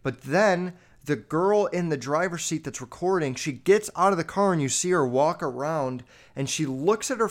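A man telling a story in casual monologue, swearing freely and filling his talk with "like" as he speaks straight to his listeners. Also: fairly high pitch. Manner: profane, rambling, filler-heavy with constant "like"; animated, addresses listeners directly.

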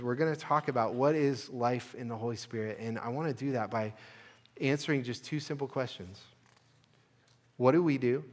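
A man preaching a sermon as pastor, earnest, building to emphatic peaks and dropping to soft, quiet stretches. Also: medium pitch, big-room sound. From United States. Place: church sanctuary.

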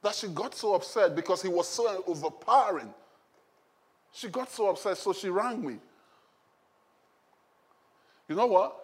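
A man's voice: high voice, animated, moderate pace. A male pastor preaching a sermon in a conversational way, often asking the congregation questions.

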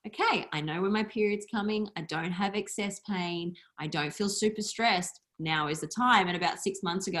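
Candid woman, chatty podcast guest. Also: on the low side. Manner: candid, animated storyteller, swears casually. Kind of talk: casual chat.

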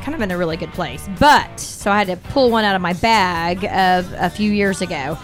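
A middle-aged woman hosting a podcast, telling a candid, profane dating story in animated casual chat. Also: on the low side, moderate pace, faint music behind. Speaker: podcast host.

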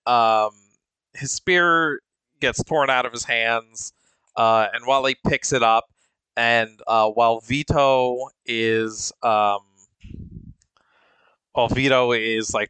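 Male podcast co-host, slow and clear, dry close sound, animated retelling. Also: fairly low pitch, no room sound, low-quality recording. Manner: unhurried, animated storytelling with fillers. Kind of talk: casual chat recapping stories.

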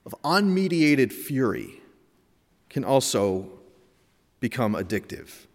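A man's voice: medium pitch, very animated, takes it slowly. A man in his thirties telling a personal story with candid, humorous asides. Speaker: speaker. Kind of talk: personal reflective talk. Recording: echoey hall.

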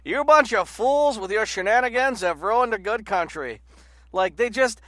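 A man in casual political chat, rambling and animated with lots of "like" and restarts. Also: high-pitched, fairly quick, no room sound. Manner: rambling, animated, heavy use of "like".

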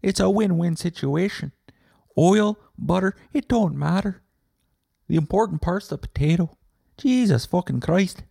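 A man voicing an excitable drunk Irish potato farmer fan, with a put-on Irish accent that slips toward Scottish, gushing and swearing. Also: high-pitched, measured pace, vocal fry, slightly rough, no echo, clean studio sound, pitched above the performer's own voice, exaggerated voice. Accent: put-on Irish drifting Scottish.

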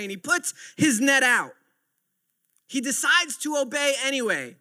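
High, bright-voiced preacher man. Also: lively intonation, normal speed. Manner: earnest, repetitive emphasis. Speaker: pastor. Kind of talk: sermon.

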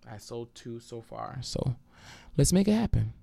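A man hosting a casual podcast who tells stories in an animated, profane way and acts out what other people said. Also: medium pitch, unhurried, gravelly, dry recording. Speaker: podcast host. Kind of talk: casual storytelling chat.

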